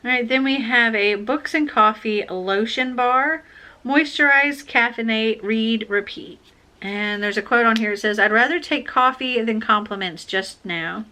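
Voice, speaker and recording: A woman chatting casually as she unboxes book subscription boxes, gushing excitedly over each item. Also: on the high side, unhurried. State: has the hiccups.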